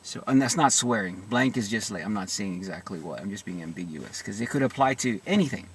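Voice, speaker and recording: A man talking through his own marriage struggles in a halting, reflective monologue, full of restarts and soft asides. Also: on the low side, animated, distant mic, slight background noise. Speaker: vlogger sharing personal experience.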